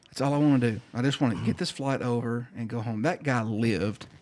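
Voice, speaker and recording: Male podcast guest, mid-pitched, casual storyteller who acts out every quoted exchange. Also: brisk. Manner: animated, acts out quoted dialogue.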